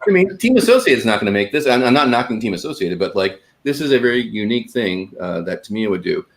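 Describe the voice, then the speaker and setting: A man's voice: lowish voice, sing-song. A man co-hosting a casual podcast about hobby cars, rambling and correcting himself as he goes. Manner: talks fast, with restarts and asides. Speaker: podcast co-host. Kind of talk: casual chat.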